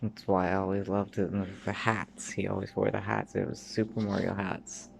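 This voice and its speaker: A man's voice: low-pitched, flat delivery, moderate pace, gravelly, a little hiss or hum. A man in his thirties from Canada, telling his own memories in a rambling monologue that drifts from one thing to the next, swearing often and sometimes dropping to a mutter. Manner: sometimes drops to a mutter or whisper.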